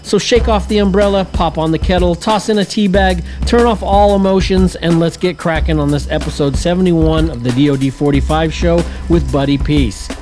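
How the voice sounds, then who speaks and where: A man's voice: on the high side, moderate pace, hardly any pauses, a little mellow, soft background music. A man hosting a podcast, talking casually and enthusiastically, rambling with fillers and laughs. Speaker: podcast host. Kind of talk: casual podcast intro and chat.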